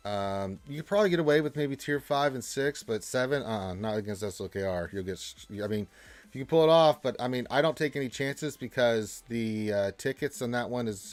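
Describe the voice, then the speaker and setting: A man's voice: lowish voice, moderate pace, no echo. A man hosting a casual livestream, reading viewer questions and answering in a loose, chatty way with many fillers and restarts. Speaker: livestream host.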